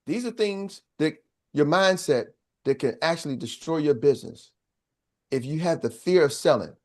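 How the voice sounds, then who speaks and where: A man coaching a sales team, preaching with call-and-response and acting out quick little voices. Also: on the high side, expressive, darkish tone. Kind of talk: motivational training talk.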